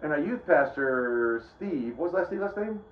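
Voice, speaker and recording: A man's voice: on the high side, animated, moderate pace, slight background noise. A middle-aged man giving a casual, rambling Bible teaching, often breaking off and restarting his sentences. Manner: rambling, conversational, self-interrupting. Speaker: preacher. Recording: roomy, dull lo-fi sound.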